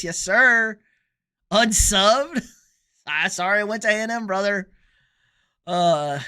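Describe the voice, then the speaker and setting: A young Texan man speaks in a high, sharp voice that's also clear and resonant, with a Texan accent. Hosting a casual sports livestream, he answers viewers' comments with blunt humor, strong opinions and quick asides.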